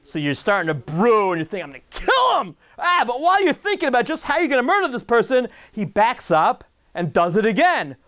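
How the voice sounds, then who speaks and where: A man, a rabbi, giving a jokey, animated talk to an audience, acting out little scenes and asking the room questions. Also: very high voice, brisk. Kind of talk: lively lecture to an audience.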